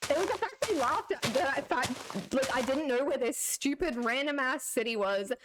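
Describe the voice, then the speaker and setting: A young woman streamer telling a story as a sarcastic, animated rant, laughing often. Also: high voice, normal speed, background noise. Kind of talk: casual ranting storytelling.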